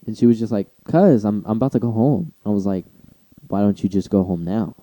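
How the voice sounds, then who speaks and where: A man's voice: lowish voice, fairly quick, warm tone. A young man in casual podcast chat, swearing freely and acting out quoted lines with big jumps in his voice. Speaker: podcast co-host.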